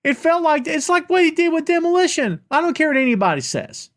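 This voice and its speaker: A man's voice: very high voice, very animated, a little fast, a bit bright. A man with a Southern US accent hosting a live question-and-answer podcast. He rants emphatically and casually, repeating lines for effect. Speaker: podcast host.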